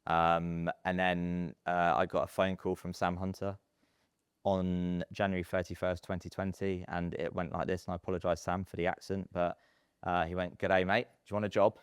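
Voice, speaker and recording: Deep-voiced chatty man. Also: normal speed, smooth, no echo, studio quality. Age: 30s. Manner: animated storyteller, chatty with many fillers. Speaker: podcast guest, estate agency businessman. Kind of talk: casual interview chat.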